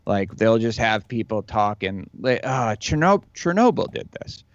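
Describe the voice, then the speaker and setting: A man in casual podcast chat, talking loosely with halting restarts. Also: fairly low pitch, sing-song, dry recording. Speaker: podcast co-host or guest. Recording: dry, dull lo-fi sound.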